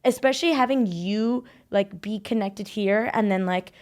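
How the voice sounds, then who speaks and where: A woman's voice: mid-range voice, moderate pace, darkish tone. A young woman hosting a casual podcast chat, telling stories in a chatty way, full of "like". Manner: chatty storytelling, frequent filler "like". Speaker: podcast host.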